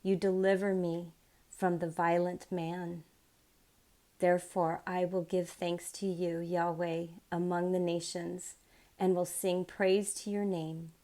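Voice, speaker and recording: A woman with a mellow, somewhat low voice reads scripture at a slow, unhurried pace. Her voice sounds a little worn, as if she is coming down with something. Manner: unhurried, measured reading; chatty and excited when speaking off the text. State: losing her voice from illness. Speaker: Bible reading channel host.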